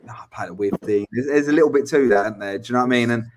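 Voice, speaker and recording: Blunt, sweary bloke. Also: male voice, medium pitch, very fast, a little hiss or hum. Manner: blunt, swears freely, repeats words. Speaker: podcast co-host. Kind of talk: casual football chat.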